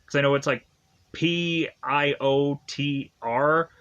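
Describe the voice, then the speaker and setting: Speaking slowly and steadily, a movie reviewer with a fairly high, slightly bright voice retells a film's story. The tone is clean but the highs are cut off, and his loose, filler-heavy recap ("like," "is to") is broken up by laughter at the twists.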